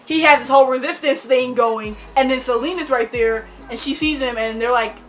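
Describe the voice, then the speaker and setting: Excitable young woman rambling about books. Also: high-pitched, fairly quick, a little hiss or hum. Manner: excitable, gushing, lots of fillers. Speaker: book vlogger. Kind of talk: rambling book chat.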